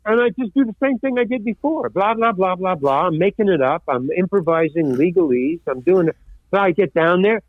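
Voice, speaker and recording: A man's voice: high-pitched, animated, a little fast, dry recording. An older man and film actor, a podcast guest telling a story and acting out the other people's lines in it. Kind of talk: anecdote in a podcast interview. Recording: dry, tinny phone-like line.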